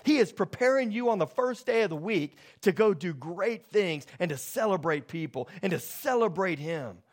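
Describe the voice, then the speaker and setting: A man in his thirties preaching a sermon as pastor, telling stories with lively, excited delivery that grows loud. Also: high-pitched, moderate pace.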